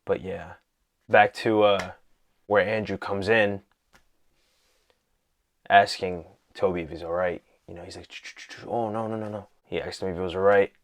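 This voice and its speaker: A man casually talking through a film he loved, excited and rambling, full of "you know" and "like". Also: deep voice, moderate pace, long pauses. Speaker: vlogger reviewing a film. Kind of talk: casual movie talk.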